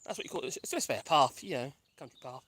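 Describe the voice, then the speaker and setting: A woman's voice: very deep voice, lively intonation, racing. A woman vlogging casually on a country path, rambling and chatty while out of breath. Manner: rambling, chatty, laughs often. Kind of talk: casual chat while walking.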